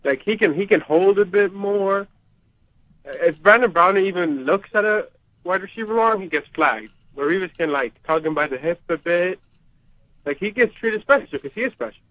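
A man's voice: sits high, animated, normal speed, fairly bright tone, dry recording. A young man from Sweden with a slight Swedish accent under American English, calling in to a sports radio show, apologetic and a little hesitant. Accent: Swedish-tinged American English. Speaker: caller. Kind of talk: call-in radio chat. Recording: dull lo-fi phone line.

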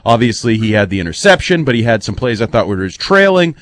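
A man's voice: lowish voice, very animated, brisk, a bit bright. A man giving opinionated, long-winded football analysis on a postgame radio show in a studio.

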